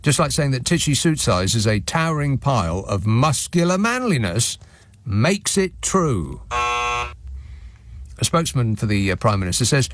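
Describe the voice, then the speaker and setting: A man's voice: mid-range voice, sing-song, measured pace, slight background noise. A man hosting a radio phone-in show, reading out listener messages with a sardonic, mocking manner in a studio. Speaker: radio talk show host. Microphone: studio microphone.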